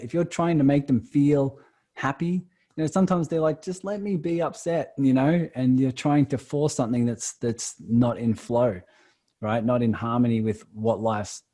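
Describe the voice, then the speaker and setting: A man's voice: mid-range voice, dark tone. A man hosting a podcast interview and working as a coach, asking long, reflective questions with many restarts. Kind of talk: casual interview conversation.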